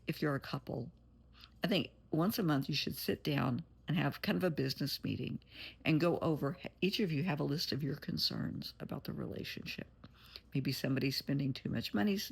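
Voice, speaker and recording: Husky gravelly woman giving a pep talk. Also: a bass voice. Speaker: therapist. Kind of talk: encouraging direct-to-camera talk.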